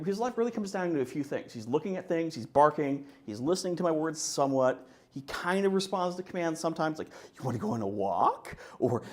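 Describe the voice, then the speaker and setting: A man giving a conference talk, joking and animated as he presents. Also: a little high. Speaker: conference speaker.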